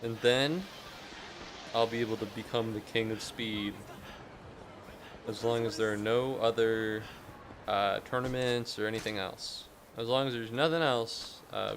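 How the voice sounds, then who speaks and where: A man giving casual gameplay commentary, rambling and profane, bursting into excited yelling. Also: fairly low pitch, slight background noise. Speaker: gaming YouTuber.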